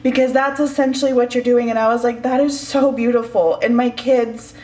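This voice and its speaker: A woman's voice: a little high, steady tone, normal speed, mellow. Emotional woman vlogger in echoey room. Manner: emotional, candid, sighing. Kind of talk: personal vlog confession. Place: home, indoors.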